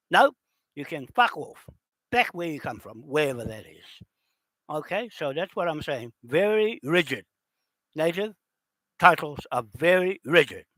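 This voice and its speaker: A man delivers a furious, cursing rant, hammering his listeners with rhetorical questions. His voice sits a little higher than most men's. The recording is dry and close, with no room sound. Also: a bit bright, no room sound. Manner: confrontational, heavily profane, rhetorical questions. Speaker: indigenous land claimant. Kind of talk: angry direct-to-camera rant.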